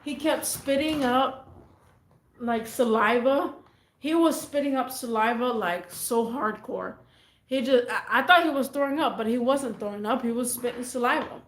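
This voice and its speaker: High-voiced woman telling a story casually. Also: moderate pace, roomy sound. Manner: animated, rambling, slangy. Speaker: vlogger.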